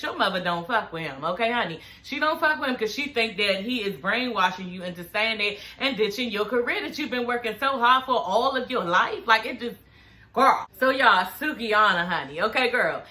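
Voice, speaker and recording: A woman's voice: mid-range voice, sharp tone. A woman in her forties recapping a reality show in casual chat, sassy and profane, calling her viewers honey and girl. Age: 40s.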